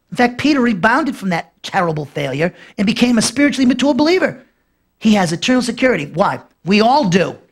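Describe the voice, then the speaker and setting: A man preaching an expository Bible lesson, emphatic and repetitive, pushing his voice up for stress and dropping low to close each point. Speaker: pastor teaching a Bible class. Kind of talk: expository sermon.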